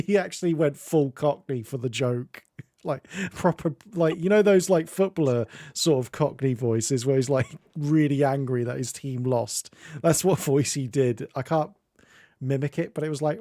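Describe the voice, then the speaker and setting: A man hosting a game stream, telling stories in casual chat, laughing often and dropping into quick silly voices. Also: a little high, mellow, dry recording, clean studio sound. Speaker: streamer host. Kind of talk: casual chat while gaming.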